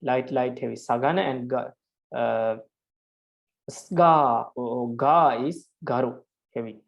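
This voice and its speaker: A man's voice: mid-range voice, slow pace, vocal fry, lo-fi sound. A man, a Buddhist monk, patiently teaching a class on verse meters and counting syllables aloud, with frequent hesitations. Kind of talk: online class lecture.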